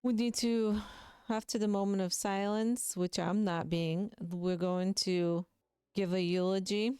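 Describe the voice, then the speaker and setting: A woman's voice: mid-range voice, fairly even intonation, measured pace, mellow, smooth. A woman giving casual, chatty commentary over her own gameplay, reacting emotionally and talking to viewers. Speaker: gaming video creator.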